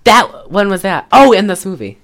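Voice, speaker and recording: Animated laughing woman podcast co-host. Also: medium pitch, normal speed. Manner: laughs often, swears freely, animated retelling. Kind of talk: casual chat recapping a film.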